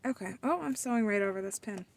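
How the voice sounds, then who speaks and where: A woman's voice: mid-range voice, expressive, fast, very noisy. A woman hosting a DIY sewing tutorial, chatting casually to herself and the fabric as she sews at her machine, playfully scolding it.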